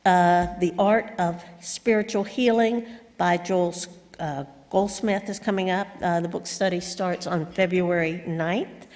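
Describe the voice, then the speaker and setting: Female announcer, low-ish voice, long reverb of a church hall. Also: darkish tone. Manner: plain, with frequent uh fillers.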